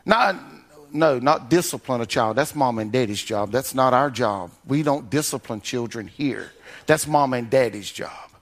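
An older man preaching a sermon as pastor, swinging from loud raised calls to low, soft drops and chuckling along with the congregation in a folksy way.

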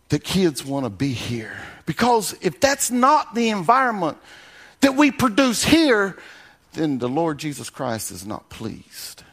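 High-voiced older pastor preaching. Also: male voice. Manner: wide swings from loud high calls to low soft drops; chuckles with the congregation, folksy. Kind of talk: sermon.

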